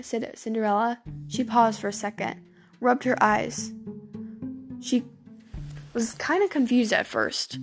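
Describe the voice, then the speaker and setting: A woman narrating a spooky fairy tale in a fairly high voice. She slows down to build suspense and stumbles over a word now and then. Faint guitar plays beneath her reading. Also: fairly even intonation. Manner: slowing for suspense, small slips. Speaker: storyteller.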